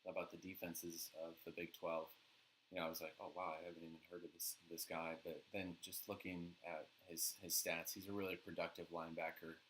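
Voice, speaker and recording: A man co-hosting a sports podcast in casual chat, relaxed and steady as he leads each segment. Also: sits low, fairly quick, a little hiss or hum, poor audio. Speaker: podcast co-host.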